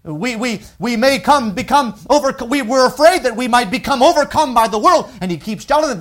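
Male preacher, high voice, very expressive pitch, building emphatic sermon delivery. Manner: reads scripture slowly, then preaches with rising emphasis and repetition.

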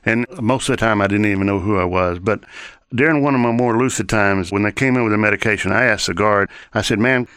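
A man's voice: fairly low pitch, fast, a bit bright, clean tone, no room sound. A man giving an earnest personal testimony in an interview, telling his story in long chained sentences.

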